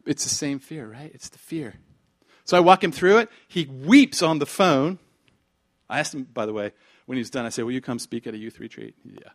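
A middle-aged man preaching a sermon as pastor, telling stories animatedly, acting out dialogue and dropping at times into whispers. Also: medium pitch.

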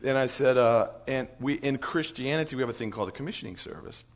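A man on church staff telling a lively story to church leaders, chuckling as he goes. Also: medium pitch, fast. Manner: animated storyteller, chuckles through his story.

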